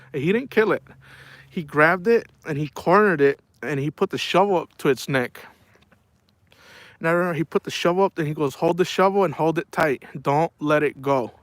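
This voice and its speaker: A man's voice: a little high, fairly bright tone. A middle-aged man chatting casually on a livestream, telling rambling stories and saying "man" a lot. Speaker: livestream host.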